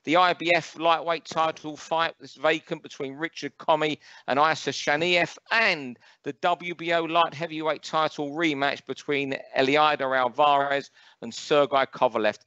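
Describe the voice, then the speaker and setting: A man's voice: fairly high pitch, steady tone, bright, forceful tone, smooth, dry recording, muffled recording. A man with a London accent co-hosting a boxing podcast, reeling off fight records and ranting with strong opinions. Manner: opinionated, ranting, rapid fact-listing. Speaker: boxing pundit co-host. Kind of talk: casual podcast chat.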